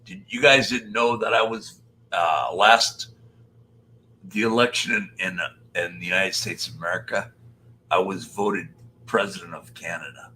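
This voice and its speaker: A man's voice: sits low, steady tone, unhurried, bright, forceful tone, slight background noise, low-quality recording. An older man hosting a casual live stream, chatting and joking as he greets viewers by name. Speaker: live-stream host reading chat.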